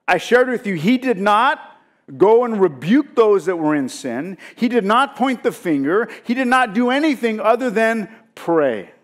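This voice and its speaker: A man's voice: high voice, animated, a little slow. A male pastor giving a sermon, preaching with emphasis and often putting rhetorical questions to his congregation.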